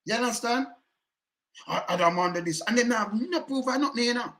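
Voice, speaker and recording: A man's voice: very high voice, a little fast, pushed and bright. A Jamaican man giving heated, emphatic commentary in patois, repeating himself and cursing often.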